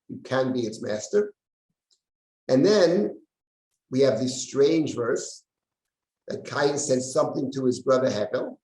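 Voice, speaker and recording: An older rabbi gives a measured Bible lesson, working through Hebrew verses one phrase at a time. His voice sits in an ordinary middle pitch for a man. The room adds a noticeable echo around him. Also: a little mellow. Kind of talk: text study lecture. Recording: echoey room.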